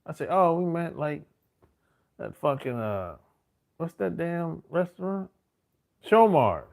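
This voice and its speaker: A man's voice: fairly high pitch, very animated, takes it slowly, gravelly, a little mellow. A middle-aged man, telling stories in a casual, boastful and profane monologue full of slang. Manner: profane, slangy street talk with frequent "man" and "bro"; boastful, swaggering. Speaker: host.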